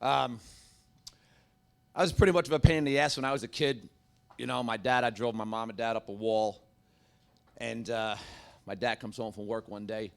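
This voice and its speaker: A middle-aged man performing stand-up on a club stage, loud and brash as he works the room. His voice sits at an ordinary pitch, and he keeps the banter rolling with jokes. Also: fairly even intonation, normal speed, gravelly, pauses often, clear, resonant tone. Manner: brash, crowd-working, joking delivery with frequent laughs. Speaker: stand-up comedian. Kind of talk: stand-up comedy set.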